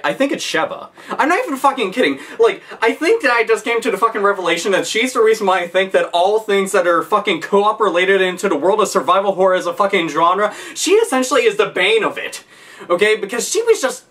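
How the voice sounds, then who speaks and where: A man delivering a profane, animated rant about video games, swearing constantly. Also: high voice, quick pace. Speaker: video game commentator.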